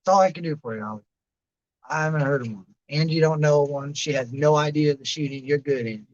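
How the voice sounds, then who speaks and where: A man's voice: on the high side, fast talker, dull audio. A man in his late thirties hosting a livestream, rambling casually and answering chatters by name. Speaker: livestream host reading chat.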